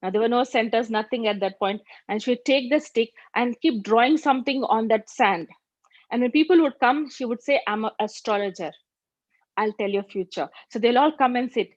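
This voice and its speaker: A woman's voice: a little high, a little fast, dry recording. A woman giving a spiritual talk, telling anecdotes in a conversational way with rhetorical asides. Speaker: spiritual teacher. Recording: dull, dry recording.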